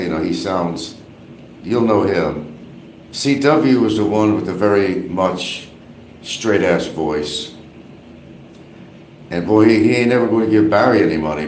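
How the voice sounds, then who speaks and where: A man's voice: low-pitched, a little mellow. A man live-streaming casual, rambling, gossipy commentary from a small bathroom with an exhaust fan running. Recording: echoey bathroom, faint fan hum.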